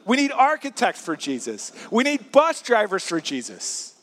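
High pitched guy preaching a sermon, acts out the quotes, big reverby church. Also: wildly swooping pitch, moderate pace, a bit bright. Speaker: pastor.

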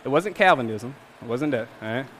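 A man's voice: medium pitch, lively intonation, a little fast, fairly bright tone, slight background noise. A man in his twenties preaching a sermon, emphatic and repetitive, often checking in with "all right?". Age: 20s. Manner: emphatic, repeats phrases with rhetorical "all right?". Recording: long hall reverb.

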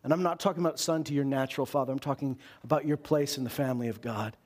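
A man's voice: medium pitch, fairly even intonation, quick pace, a little mellow. A man preaching a sermon as a pastor, earnest and full of rhetorical questions.

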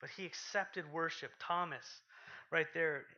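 A man preaching a sermon, reading scripture aloud with rising intensity and dropping to quiet asides. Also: a little high, measured pace. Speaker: pastor. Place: church. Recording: lo-fi sermon podcast recording.

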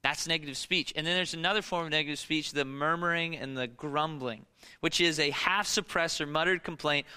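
Male pastor, bright and crisp, slightly high, emphatic sermon delivery with rhetorical questions. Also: big-room sound. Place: church.

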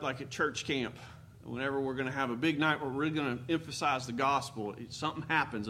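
A man's voice: medium pitch, fairly bright tone. A man preaching a sermon in a folksy, storytelling manner with dramatic emphasis. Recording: faint background noise.

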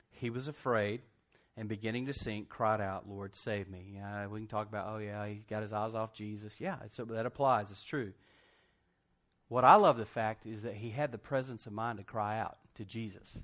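Preaching a sermon, this pastor has a fairly low, fairly bright voice with fairly even intonation and a moderate pace. He tells the story in a folksy, conversational way, performing quotes and laughing frequently.

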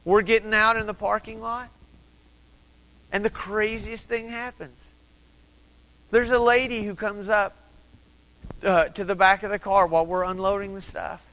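A man from Texas telling a lively personal story as a sermon, animated and conversational, with asides to the audience. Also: high voice, measured pace, pauses often. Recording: long hall reverb.

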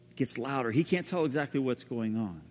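A man preaching a sermon as a pastor, telling the story dramatically and often dropping to a hushed voice. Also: mid-range voice, fairly quick. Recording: reverberant hall.

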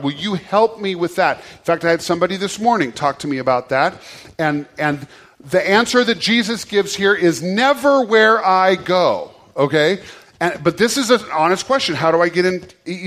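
Guy pastor preaching, chatty and kinda high voice, gets folks to repeat after him. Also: fairly bright tone. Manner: conversational, repeats words, leads congregation in call-and-response. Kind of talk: sermon.

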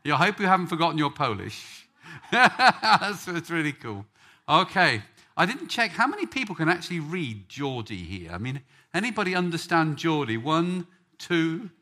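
A man's voice: fairly high pitch, very animated, moderate pace, sharp tone. A man from England preaching a sermon, joking with the congregation before telling a story. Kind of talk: sermon with audience banter.

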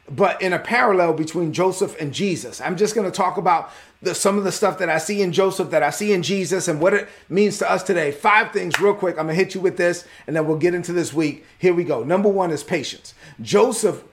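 A man preaching a sermon, telling a Bible story with animated storytelling that rises in pitch and volume at its peaks. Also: fairly quick. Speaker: pastor.

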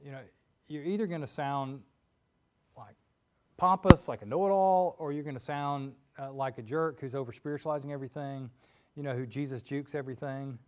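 A male preacher delivering a sermon in a loose, chatty style, dropping in fillers and quick asides. His voice sits at an ordinary middle pitch. He talks to the congregation as if chatting with friends. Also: fairly even intonation, darkish tone, slight background noise. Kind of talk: conversational sermon. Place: church.

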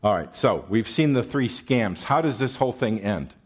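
A man's voice: fairly low pitch, lively intonation, moderate pace, breathy edge. A male pastor preaching a sermon in a conversational, wry manner, asking his listeners questions.

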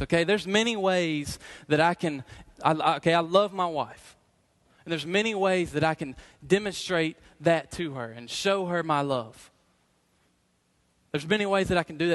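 A middle-aged man preaching a sermon as pastor, earnest and emphatic, slowing down to repeat key phrases. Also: high voice, fairly bright tone.

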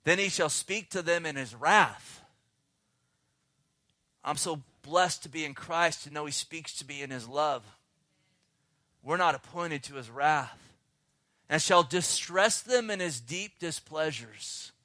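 A man preaching a fervent sermon outdoors, slowing down to read scripture and swinging between loud and hushed. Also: on the high side, dry recording, studio quality. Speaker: pastor.

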